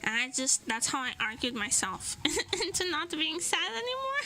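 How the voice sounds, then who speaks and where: A woman's voice: high-pitched, big pitch swings, normal speed, bright, forceful tone, soft background music, low-quality recording. A woman streamer chatting casually while she draws, laughing between almost every phrase. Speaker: streamer and illustrator.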